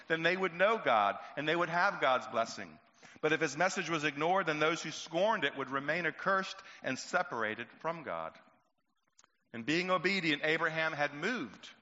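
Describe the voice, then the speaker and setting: A middle-aged male preacher giving an earnest sermon, storytelling and slowing down for emphasis. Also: on the high side, bright, forceful tone. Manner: earnest, slow and emphatic at key points. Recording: echoey hall, dull lo-fi sound.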